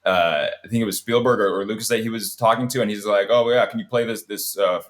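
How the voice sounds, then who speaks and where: A man's voice: lowish voice, steady tone, quick pace. A man hosting a podcast, rambling and laughing as he reviews a film in casual chat. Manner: rambling, laughs while telling anecdotes. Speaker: podcast host.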